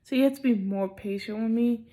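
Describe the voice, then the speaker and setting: A young woman talking slowly in a casual personal vlog, hesitant with many pauses and ums, sounding sleepy and not fully awake. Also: a little high, dark tone. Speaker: vlogger.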